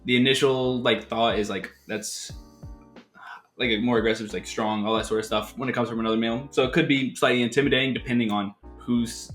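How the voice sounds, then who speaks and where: A man's voice: mid-range voice, steady tone, fairly quick, fairly bright tone, faint music behind. An American man chatting as a guest in an easygoing way, with many "like"s and "right?"s. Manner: easygoing, filler-heavy, lots of "like" and "right?". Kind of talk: casual chat.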